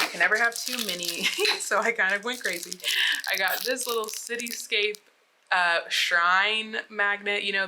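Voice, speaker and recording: A woman's voice: fairly low pitch, background noise. A young adult woman from the United States, chatting casually and bubbly while unboxing, with many filler words. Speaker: vlogger.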